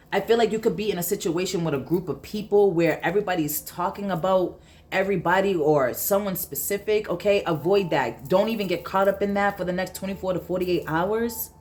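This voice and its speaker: A woman's voice: lowish voice, a little mellow. A woman giving a casual tarot reading, emphatic and blunt, repeating her points and swearing freely. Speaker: tarot reader.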